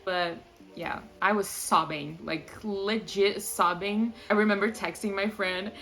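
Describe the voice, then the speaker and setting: A young woman talking straight to camera in a casual book review. She gushes and rants with lots of "like" and quick laughs, at an ordinary middle pitch. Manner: gushing, animated, lots of "like" and laughs. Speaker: book vlogger.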